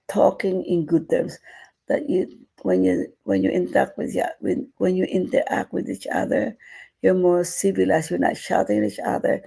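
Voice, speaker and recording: A woman leading a guided meditation, talking slowly and gently with many repeated phrases. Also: medium pitch, gravelly, husky. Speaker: meditation teacher.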